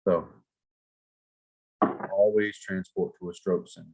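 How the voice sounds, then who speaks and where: A man from South Georgia teaches an EMT class in a folksy, animated manner, sometimes acting out exchanges with patients. His voice sits very low, with a husky, slightly rough edge. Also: measured pace. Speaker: EMS instructor. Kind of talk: classroom lecture.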